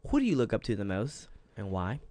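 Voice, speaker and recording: Playful, animated man hosting a podcast. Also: on the low side, brisk. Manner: playful, chatty, addresses listeners as y'all. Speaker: podcast host. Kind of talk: casual podcast interview.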